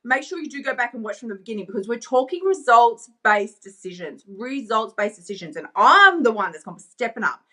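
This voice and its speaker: A woman gives an emphatic live-stream pep talk as a coach. Her voice is bright and a little high, and she repeats lines for emphasis while chatting directly with her viewers. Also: very animated, a little fast, few pauses. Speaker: weight-loss coach.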